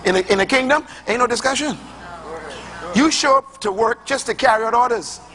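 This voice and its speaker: Bright-voiced high male preacher. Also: brisk. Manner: emphatic, rhythmic preaching with colloquial speech. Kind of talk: sermon.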